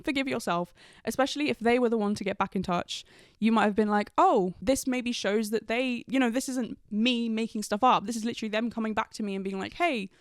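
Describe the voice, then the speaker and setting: A woman's voice: fairly high pitch, fairly quick, dry recording, clean studio sound. A young woman, talking casually and chattily about friendship advice, with lots of "like" and frequent laughs. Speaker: vlogger.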